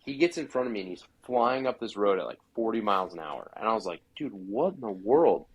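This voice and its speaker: A man's voice: fairly low pitch, animated, fast, lo-fi sound. A man from Idaho, a podcast guest, telling a hunting story in a chatty way full of "like" fillers. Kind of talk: casual storytelling.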